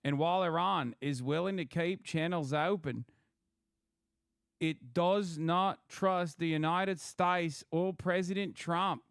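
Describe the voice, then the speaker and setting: A man's voice: on the high side, slow pace, vocal fry, fairly bright tone, clean tone, no room sound, studio quality. A young man giving casual, profane, sarcastic reaction commentary.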